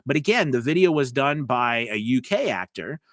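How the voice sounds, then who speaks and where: A man's voice: medium pitch, big pitch swings, moderate pace, no echo, studio quality. A man with a slight Southern US drawl, hosting a casual livestream as a voice-over coach, talking in a rambling, chatty way full of fillers and asides. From United States.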